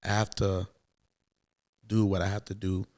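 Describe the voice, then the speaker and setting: A man in his thirties, a podcast guest, telling a personal story in a casual, animated way. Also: sits low, measured pace. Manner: animated, acts out quoted voices, many fillers.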